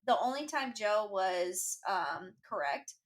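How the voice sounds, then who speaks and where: A woman's voice: mid-range voice, lively intonation, takes it slowly. A young woman co-hosting a podcast, recapping a book in a wry, joking, irreverent way. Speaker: podcast co-host. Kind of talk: casual book-recap chat.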